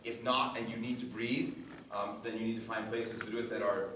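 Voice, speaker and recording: A man's voice: fairly low pitch, level tone, fairly quick, sharp tone. A man coaching a chorus, giving instructions and checking in with the singers with a frequent "right?". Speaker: vocal coach. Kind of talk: choir coaching session. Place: rehearsal room with a chorus. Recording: echoey room, distant mic, noisy.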